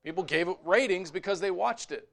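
A man preaching a sermon as pastor, moving between quiet conversational asides and raised, emphatic exhortation. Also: high-pitched, a little fast, gravelly.

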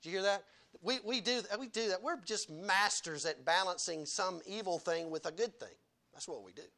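A man delivers a sermon with a high, bright voice. He hammers his points home and keeps asking the congregation questions. He sounds like a pastor preaching from the pulpit in church. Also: lively intonation, moderate pace. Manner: emphatic, asks the congregation repeated rhetorical questions.

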